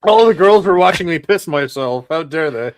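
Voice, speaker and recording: A man co-hosting a podcast, dropping deadpan joking one-liners. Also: fairly high pitch, moderate pace, no room sound. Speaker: podcast co-host. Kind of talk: casual chat.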